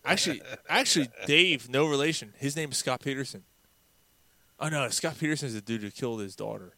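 A man's voice: medium pitch, brisk, pushed and bright, no room sound. A man co-hosting a podcast, chatting casually in a profane, rambling, digressive way. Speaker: podcast co-host. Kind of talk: casual chat.

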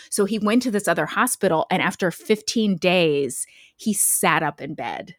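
A woman co-hosting a podcast, telling a story in a lively, chatty way with many fillers. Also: lowish voice, normal speed, no echo, clean studio sound. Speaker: podcast co-host. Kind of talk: casual chat, storytelling.

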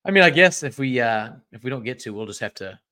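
A man's voice: mid-range voice, lively intonation, quick pace, sharp tone. A man from the Midwest co-hosting a casual sports podcast, with dry jokes. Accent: Midwestern American. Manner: dry, joking. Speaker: podcast co-host.

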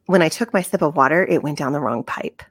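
A woman co-hosting a podcast in casual chat, self-deprecating and quick to laugh. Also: sits low, expressive, no room sound. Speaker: podcast co-host.

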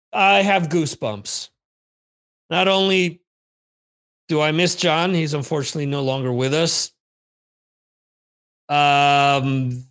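Rambling, cursing podcast host. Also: male voice, a little high, fairly bright tone. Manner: rambling, profane storytelling. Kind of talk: casual monologue, answering listener questions. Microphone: on camera, streamed video.

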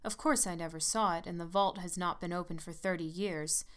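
A woman voicing a sad, brooding young man who speaks low and thoughtfully in a gothic story. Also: steady tone, brisk, clear, resonant tone, lightly acted. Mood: somber.

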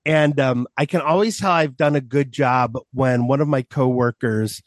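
A man's voice: mid-range voice, normal speed, no echo. Teasing man on a podcast. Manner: teasing, restarts and laughs. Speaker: podcast co-host and storyteller. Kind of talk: casual podcast banter.

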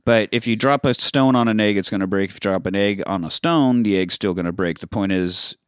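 A man's voice: on the low side, brisk, clear, resonant tone, dry recording, clean studio sound. Laughing, profane man recapping a film. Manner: loose, profane, laughs often mid-sentence. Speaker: podcast host. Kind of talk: casual movie recap chat.

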